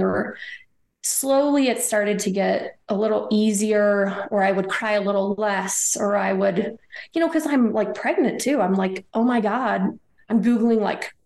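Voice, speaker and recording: A woman in her thirties recounts a personal story in a rambling, emotional way, her words strung together with "like" and "you know". Her voice has a gravelly fry to it and rings with room echo. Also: mid-range voice, a little mellow. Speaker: guest.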